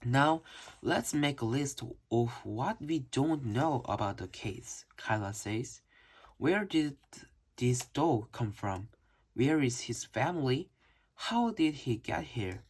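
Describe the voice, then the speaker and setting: Storybook reader: unhurried, husky-breathy tone, lively sing-song pitch, careful delivery with small slips. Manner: slow, careful reading with occasional slips. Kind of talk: reading a children's book aloud.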